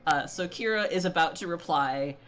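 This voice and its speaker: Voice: medium pitch, normal speed, fairly bright tone. A game master casually narrating a tabletop role-playing game with fillers and laughter.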